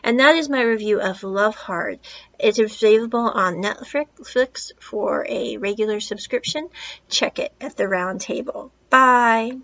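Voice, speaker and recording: A woman's voice: a little high, a little slow, gravelly, a bit bright, a little hiss or hum. Woman podcast host, casual film reviewer, rambling asides, muffled lo-fi recording. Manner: chatty, rambling retelling with asides.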